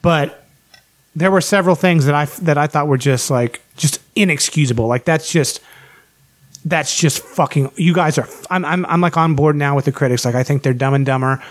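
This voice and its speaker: A man in casual podcast chat, ranting animatedly with heavy swearing. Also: a little high. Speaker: podcast co-host.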